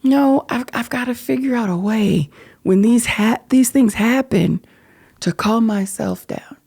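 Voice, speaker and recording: A middle-aged woman with a dark, gravelly, husky voice. She talks in an earnest, reflective way as host of her own podcast, often sinking into near-whispers. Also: a little high, unhurried. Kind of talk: personal reflective monologue.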